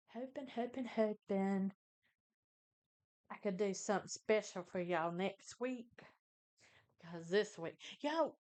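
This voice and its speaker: A woman's voice: on the high side, smooth. An older woman, chatting casually to her viewers in an eating vlog, saying y'all a lot. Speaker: mukbang vlogger. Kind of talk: casual chat to camera.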